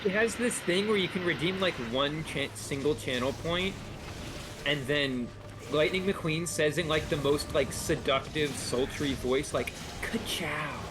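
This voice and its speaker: A man chatting casually on a game stream, telling stories lively and mimicking people as he goes. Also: fairly high pitch, unhurried, noisy background. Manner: animated storyteller who mimics people. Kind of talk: casual storytelling chat.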